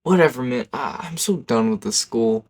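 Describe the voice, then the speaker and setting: A man's voice: mid-range voice, expressive, moderate pace, a little mellow, close to an everyday voice. A man voicing a reckless, cocky teenage boy classmate who talks in casual slang.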